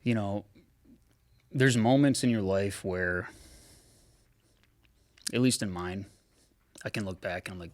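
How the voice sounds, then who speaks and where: A man in his thirties, a podcast guest telling a painful personal story frankly, swearing often and pausing on fillers. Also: on the low side, darkish tone, dry recording. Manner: frank, heavy swearing, halting with many fillers. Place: podcast studio.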